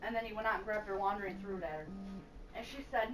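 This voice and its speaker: A woman's voice: medium pitch, fast. Profane woman telling stories on voice chat. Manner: profane, animated retelling with quoted voices. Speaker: gamer chatting on voice call. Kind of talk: casual storytelling. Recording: echoey, distant, noisy game voice chat.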